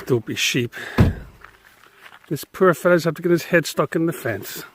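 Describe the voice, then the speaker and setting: A man's voice: on the high side, normal speed, a bit bright. A man vlogging about a fishing trip, narrating his drive in an enthusiastic, chatty way. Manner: enthusiastic, gushing about the scenery. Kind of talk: chatty travel narration to camera. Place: in a car on country roads. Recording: road and car noise behind.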